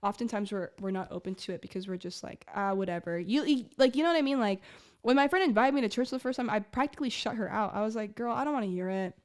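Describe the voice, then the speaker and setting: A woman's voice: a little high, quick pace. A woman in her twenties giving an earnest, rambling personal faith testimony in a casual talk, full of "like" and restarts. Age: 20s. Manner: earnest, rambling, heavy use of "like". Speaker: faith podcast host.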